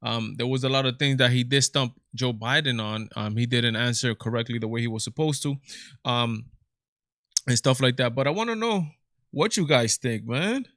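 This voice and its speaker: Man, stream host, casual rambling commentary, dry sound, mid pitch. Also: moderate pace, a bit bright, no room sound. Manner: rambling, many fillers and restarts. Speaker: livestream show host. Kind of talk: casual commentary with chat reading.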